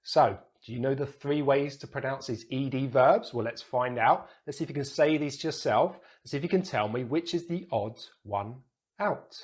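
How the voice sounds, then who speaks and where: A British man teaches pronunciation into a close microphone. He repeats example words slowly, exaggerating each sound. His pitch sits in a middle range for a man. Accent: British English.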